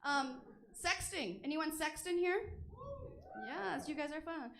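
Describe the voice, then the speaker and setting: A woman works a comedy theater stage with a raunchy stand-up set. Her voice sits a little high as she rattles off crude, self-deprecating jokes in a brash, offhand way. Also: slow, fairly bright tone, a little hiss or hum.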